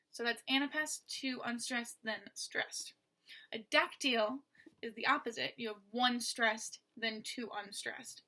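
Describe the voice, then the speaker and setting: Woman teacher explaining poetry rhythm, slow and careful, kinda high bright voice. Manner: patient, steady, sounds out stress patterns.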